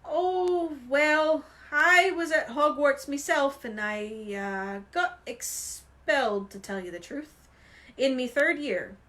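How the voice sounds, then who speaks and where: A woman voicing a gruff, loud giant of a man with a booming, rough manner. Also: takes it slowly. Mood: rueful.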